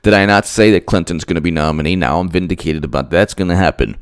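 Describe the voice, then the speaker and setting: A man's voice: sits low, fast, clean tone. A man giving emphatic political commentary straight to his audience, repeating himself and firing off rhetorical questions.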